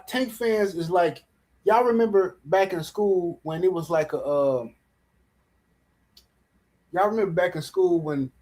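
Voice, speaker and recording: A man ranting in casual livestream commentary about boxing, animated and mocking, with slangy, speech. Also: on the high side, low-quality recording. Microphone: livestream mic.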